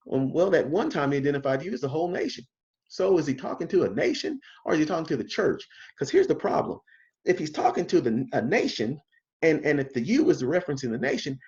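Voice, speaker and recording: A man leading a casual Bible study lesson, hammering his points home with one rhetorical question after another. His voice sits at an everyday middle pitch. The recording is dull and a bit lo-fi. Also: darkish tone. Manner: emphatic, full of rhetorical questions. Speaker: Bible teacher.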